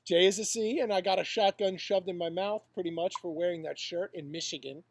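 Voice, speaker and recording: A man's voice: high-pitched, fairly even intonation, fairly quick, no echo. A man co-hosting a casual podcast, rambling through stories and swearing freely. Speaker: podcast co-host. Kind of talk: casual chat.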